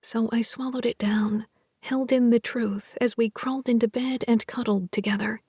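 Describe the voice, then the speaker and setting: A woman narrating a first-person romance audiobook in a soft, half-whispered, intimate delivery. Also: a little high, fairly even intonation, moderate pace, husky, dry recording, clean studio sound.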